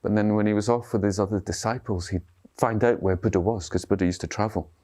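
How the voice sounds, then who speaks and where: A man's voice: fairly low pitch, fairly even intonation, fast talker, darkish tone. A man giving a dharma talk as a meditation teacher, speaking loosely and conversationally and often checking in with his listeners. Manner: conversational, checks in with tag questions.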